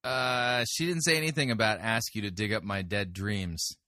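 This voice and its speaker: A man critiquing a sermon, speaking hesitantly with pauses and dry remarks. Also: on the low side, sharp tone, no echo. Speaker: sermon reviewer. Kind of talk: critical commentary.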